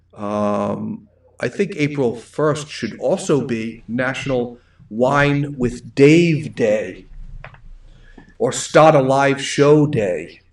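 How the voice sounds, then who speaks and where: A man's voice: medium pitch, distant mic. A middle-aged man with a thick Rhode Island accent, hosting a casual live wine show, rambling and reading viewer comments aloud. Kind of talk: casual live-stream chat.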